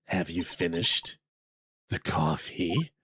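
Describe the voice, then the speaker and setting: A reader voicing a creepy, soft-spoken woman in a game playthrough who talks low and quietly with a sinister edge. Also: slow pace, slight background noise.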